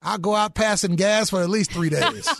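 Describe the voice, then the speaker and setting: A man's voice: high voice, gravelly, a bit bright, no echo. A middle-aged man in an enthusiastic interview chat, exclaiming about food. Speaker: guest.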